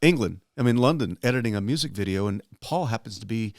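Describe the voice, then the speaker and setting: An older man, a guest entertainer, telling stories in a relaxed interview and jumping into high excited voices for the people he quotes. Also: fast talker, no room sound, clean studio sound. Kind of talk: relaxed storytelling in a podcast interview.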